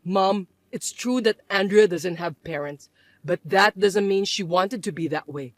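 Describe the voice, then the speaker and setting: Woman doing a calm grown son. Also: measured pace, no room sound, close to an everyday voice. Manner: calm, patient, lower and softer. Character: calm grown son, level-headed man.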